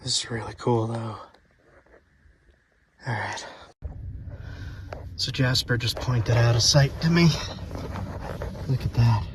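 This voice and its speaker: A man casually narrating to his camera while hiking outdoors, relaxed and rambling, short of breath. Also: mid-range voice, slow, pauses often, background noise. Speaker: outdoor vlogger. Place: outdoors on a hillside.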